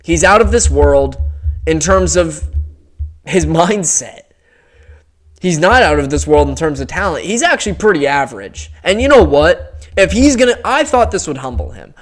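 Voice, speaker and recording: Exasperated young man ranting, pitched a bit high. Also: sing-song, normal speed. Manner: heated, profane, exasperated ranting. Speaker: MMA commentary YouTuber. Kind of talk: casual ranting commentary.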